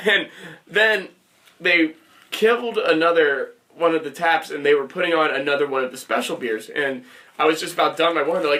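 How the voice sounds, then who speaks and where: A man's voice: fairly high pitch, brisk, bright, forceful tone. A young man casually telling a rambling story on a podcast, laughing as he goes. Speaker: podcast co-host.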